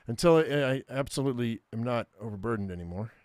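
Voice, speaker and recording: A man's voice: mid-range voice, expressive, fast, hardly any pauses, a little mellow, no room sound. A man giving casual gameplay commentary, muttering his thoughts aloud and making chatty asides to viewers.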